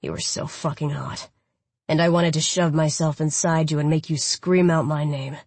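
A woman voicing a smug, confident male lover in an audiobook, with a low, sultry, teasing delivery and a husky tone. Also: fairly even intonation, normal speed, a little mellow, no echo.

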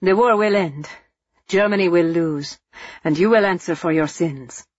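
A woman's voice: on the low side, moderate pace, slightly rough, no room sound, dull audio. A woman reading as a defiant male priest. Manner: challenging and quiet.

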